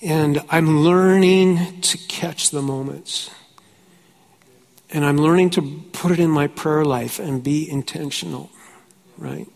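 A man's voice: a little high, takes it slowly, gravelly, a little mellow. A man who is a pastor, preaching a conference sermon in a chatty storytelling way, often laughing and asking "right?", and growing fervent. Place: conference hall. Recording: hall with long reverb.

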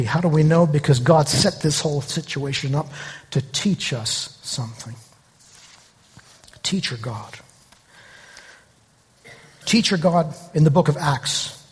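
A man preaching a sermon as pastor, telling stories with lively acted-out voices. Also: fairly high pitch, breathy edge, long reverb tail. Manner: animated storytelling, acting out quoted voices.

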